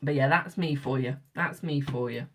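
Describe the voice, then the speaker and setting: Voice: mid-range voice, normal speed, a bit bright, slight background noise. A young adult tarot reader from Britain chatting casually with live viewers, rambling and repeating phrases for emphasis.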